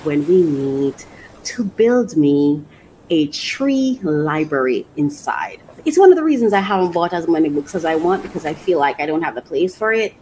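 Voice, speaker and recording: A woman hosting a podcast and chatting casually about things she bought, talking in an animated way and laughing often. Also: low voice, moderate pace, a little hiss or hum, rough recording. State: emotional, near tears. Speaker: podcast host. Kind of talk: casual unboxing chat.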